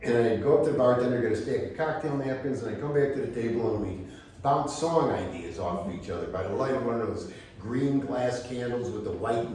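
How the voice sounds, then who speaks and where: An older American man telling animated stories to a live library audience. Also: medium pitch, slight background noise. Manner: animated anecdotes, quotes others in voices. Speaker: storyteller at a library talk. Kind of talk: live storytelling talk. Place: library event space. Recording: echoey room, mic from a distance.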